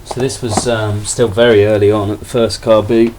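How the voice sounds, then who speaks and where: A man with a fairly low voice rambles casually through a haul of collectible toys. He sounds relaxed and self-deprecating, and faint background hiss sits under his voice. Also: normal speed. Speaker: toy collector vlogger. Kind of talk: casual haul video chat.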